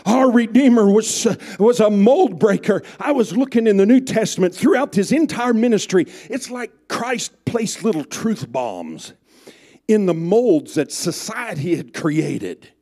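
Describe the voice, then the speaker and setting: A male pastor preaching a sermon at a church service, out of breath, shouting at the peaks and dropping to whispers. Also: sits high, expressive, measured pace.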